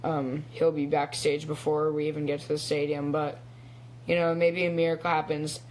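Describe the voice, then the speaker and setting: A little hiss or hum sits under this high-leaning male voice, delivered completely flat at normal speed. The speaker is a teenage young actor casually chatting on a phone live stream, rambling with many ums and little laughs.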